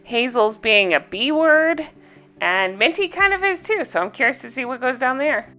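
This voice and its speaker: A woman chats through a TV recap, blunt and opinionated and never shy about swearing. Her voice sits a little high and rings bright and forward. A faint music bed runs underneath her. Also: expressive, moderate pace. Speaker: reality TV recap vlogger. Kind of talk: casual recap chat.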